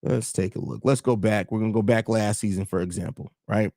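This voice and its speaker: A man's voice: fairly low pitch, fairly even intonation, fairly quick, mellow, no room sound, clean studio sound. A man hosting a live sports stream, reading chat comments and arguing his points in casual commentary. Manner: reads and answers chat comments, argues points with restarts. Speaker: host of a live sports show.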